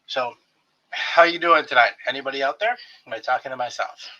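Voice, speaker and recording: A man's voice: mid-range voice, brisk, bright, forceful tone. A man hosting his own live stream, chatting casually and greeting viewers by name with friendly jokes. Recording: slightly dull lo-fi stream audio.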